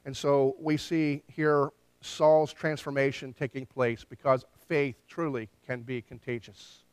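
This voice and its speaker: A man preaching a sermon, retelling scripture with lively storytelling and acted-out quotes. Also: medium pitch, measured pace, clear, resonant tone, no echo. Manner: animated storytelling, voices quoted lines. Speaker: pastor.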